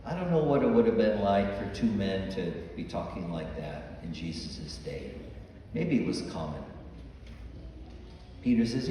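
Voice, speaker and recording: In a church, a priest gives a homily at a measured pace, acting out the conversations in his stories. His voice is lowish, warm and expressive, captured from a distance in an echoey hall with slight background noise.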